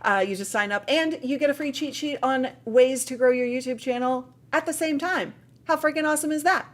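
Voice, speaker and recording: A woman's voice: sits high, brisk. A woman hosting a casual live Q&A stream, sounding tired but chatty and upbeat, laughing often and trailing off into fillers. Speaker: livestream host.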